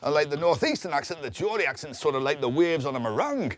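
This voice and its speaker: Appearing as a guest on a cooking show, a man chats casually and playfully, laughing often and slipping into impressions. His voice is fairly high, very animated and fast. Faint background noise from the studio kitchen can be heard.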